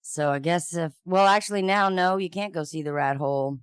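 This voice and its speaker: A podcast co-host with a clear, mid-range voice chats casually while reading out odd news stories at a fairly quick pace. The sound is dry and studio-clean.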